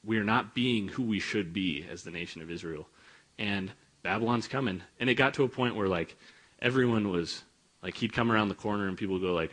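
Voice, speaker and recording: A young man giving a relaxed, conversational sermon in church, full of filler words and lively retellings. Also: fairly low pitch, brisk. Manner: informal, many filler words, animated retelling. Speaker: preacher.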